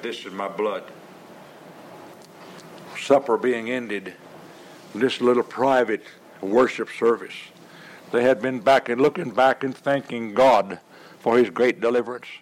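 A man preaching at a very slow, deliberate pace, mid-pitched and steady. He hammers on repeated refrains and stumbles through restarts before landing each point. A faint hum of room ambience sits behind him. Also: poor audio. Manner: halting restarts and drawn-out stresses. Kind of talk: sermon.

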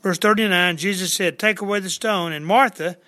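High, bright-voiced folksy preacher. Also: male voice, fairly quick. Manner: plainspoken, conversational, paraphrases scripture in everyday words. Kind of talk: folksy verse-by-verse sermon. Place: church service with congregation.

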